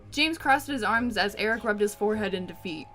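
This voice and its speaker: A woman's voice: medium pitch, expressive, fairly quick, fairly bright tone, faint music behind. A woman casually playing and reading a romance visual novel aloud, joking and swearing along the way. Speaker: game player and reader.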